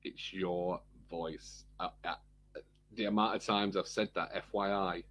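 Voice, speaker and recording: A man's voice: sits low, steady tone, a little slow, a bit bright. A man co-hosting a podcast, chatting casually and rambling, repeating words and laughing often. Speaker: podcast co-host. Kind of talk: casual chat.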